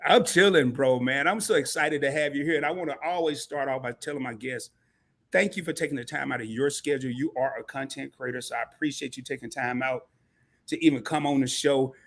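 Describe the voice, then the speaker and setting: A man hosting a live stream talk show, talking in an energetic, slangy, casual way to his chat. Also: mid-range voice, fairly quick. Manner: energetic, slangy, calls the audience "baby" and "man".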